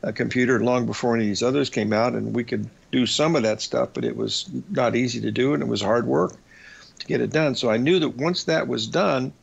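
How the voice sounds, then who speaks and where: A man's voice: mid-range voice, a little fast, creaky, breathy edge, dull audio. An older man hosting a radio show, telling long rambling stories about his past with lots of fillers. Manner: rambling anecdotal storytelling with fillers.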